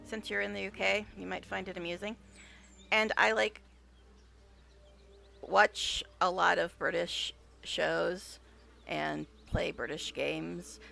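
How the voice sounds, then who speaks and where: Chatty woman, gravelly and bright. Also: on the low side, a little hiss or hum. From United States. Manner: chatty storyteller, laughs often, talks directly to chat. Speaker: streamer. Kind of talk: casual chat while live-streaming a game.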